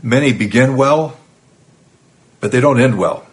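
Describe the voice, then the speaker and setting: Guy preaching a sermon, earnest and emphatic, talks plain and conversational, mid-pitched voice. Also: measured pace. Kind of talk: recorded sermon teaching.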